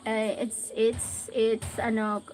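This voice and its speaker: Filipino lady on a live stream, talks real slow, stops and restarts a lot, noisy audio. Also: a little high, completely flat delivery. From Philippines. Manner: halting English mixed with Tagalog fillers. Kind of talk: casual live-stream chat.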